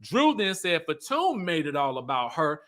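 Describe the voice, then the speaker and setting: A chatty man gives a casual commentary recapping a reality show. His voice sits high and sounds bright and forceful. He is animated throughout and keeps acting out the quotes. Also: moderate pace. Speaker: YouTube host.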